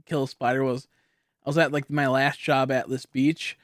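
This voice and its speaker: A man's voice: medium pitch, level tone, moderate pace, no room sound, clean studio sound. A young man chatting casually with viewers on a live stream, rambling and laughing often.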